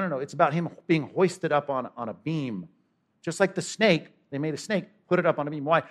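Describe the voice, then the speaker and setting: Man preaching with big swings. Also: on the high side. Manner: animated preaching, swings from loud to hushed; asks the congregation questions. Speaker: pastor. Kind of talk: sermon.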